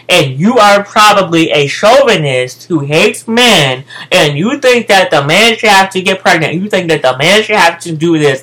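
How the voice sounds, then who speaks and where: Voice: medium pitch, a bit bright, poor audio. Profane American vlogger ranting. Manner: profane, emphatic, repeats phrases. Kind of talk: casual storytime rant.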